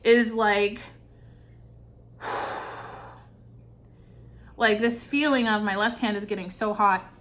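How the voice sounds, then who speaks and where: A woman's voice: medium pitch, fairly even intonation, slow pace, long pauses, a bit bright. A woman giving an intuitive tarot reading, earnest and searching for words with many fillers. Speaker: tarot reader.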